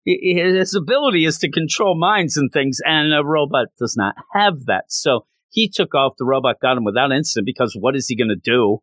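A man giving a casual recap of a story, animated and often restarting his sentences. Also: medium pitch, a little fast, few pauses, no echo. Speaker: comic book commentator.

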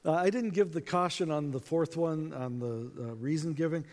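A man giving a storytelling talk to a conference audience, acting out dialogue in an animated way, with reverb from a hall. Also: on the high side, moderate pace. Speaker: conference speaker.

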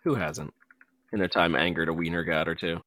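A man with a low, steady, brisk voice and a sharp tone chats casually while streaming an online game. He's playful and jokey, explaining how the game's mechanics work as he goes.

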